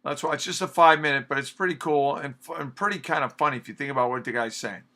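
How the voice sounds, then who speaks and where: A man's voice: mid-range voice, quick pace, sharp tone. A man teaching a class, casually explaining and paraphrasing a story for students.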